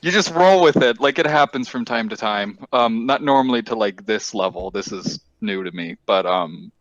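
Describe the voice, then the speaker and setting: A young man, a guest on a voice chat, talking casually in a halting, rambling way. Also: lowish voice, lively intonation, a bit bright, muffled recording.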